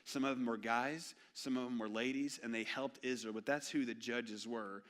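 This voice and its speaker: A man, preaching an animated, joking sermon in a church. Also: mid-range voice, moderate pace. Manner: storytelling, animated and jokey. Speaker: pastor. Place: church sanctuary.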